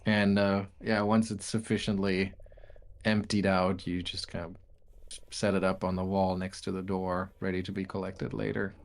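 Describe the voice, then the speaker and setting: A man narrating as game master of a tabletop game, describing rooms in a relaxed way with frequent fillers. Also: deep voice, moderate pace, gravelly.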